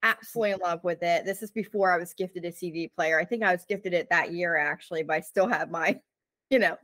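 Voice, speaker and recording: A woman's voice: fairly low pitch, a little fast, a bit bright, no echo. A woman co-hosting a podcast who tells a story in casual chat, full of "like" and "you know", and acts out the quotes. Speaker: podcast co-host.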